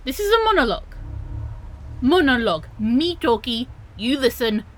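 A woman's voice: high voice, sing-song, moderate pace, poor audio. A woman voicing a touchy young female otter-girl supervillain who protests indignantly and trips over her words in an audio role-play. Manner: indignant, flustered, protests too much and stumbles over words.

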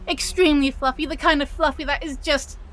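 A woman's voice: sits high, steady tone, fairly quick, fairly bright tone, poor audio. A woman voicing a touchy young female otter-girl supervillain who protests indignantly and trips over her words in an audio role-play. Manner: indignant, flustered, protests too much and stumbles over words.

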